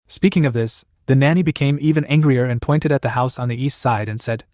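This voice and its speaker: A man reading a story recap as scripted narration, in an even, plain voice. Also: mid-range voice, brisk, few pauses, no room sound, clean studio sound.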